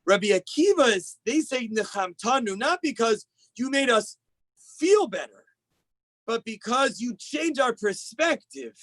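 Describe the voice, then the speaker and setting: Man, rabbi, high voice, dry close sound, video call sermon, animated storytelling. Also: a little slow, no echo, poor audio. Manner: animated storytelling, acts out quoted rabbis with big pitch jumps. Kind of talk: Tisha B'Av sermon.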